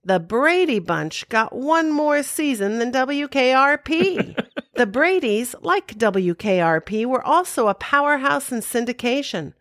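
A woman's voice: sits high, lively intonation, a little slow, a bit bright, dry recording, clean studio sound. A woman co-hosting a show, chatty and informative, reciting trivia with playful asides. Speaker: podcast co-host. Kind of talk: casual recap with trivia.

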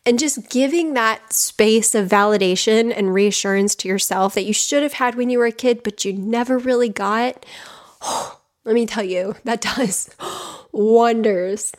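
A woman's voice: on the high side, a little slow. A woman hosting a podcast on healing, speaking in a candid, emphatic and blunt way, with occasional swearing. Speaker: podcast host, healing coach. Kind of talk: personal spoken monologue on healing.

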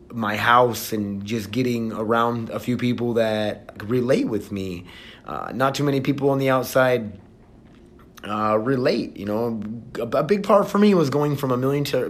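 A man hosting his own podcast in casual solo talk, candid and emotional, rambling with restarts and fillers, recorded on a phone inside a treatment facility. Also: medium pitch. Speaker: podcast host. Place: residential treatment facility, indoors.

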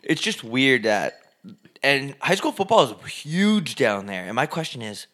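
A man's voice: mid-range voice, very animated, measured pace, fairly bright tone. A man co-hosting a casual chat with offhand, wisecracking banter.

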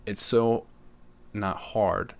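A man's voice: lowish voice, fairly even intonation, very slow, vocal fry, a little mellow. A man in casual conversation, earnest and storytelling, often saying "you know".

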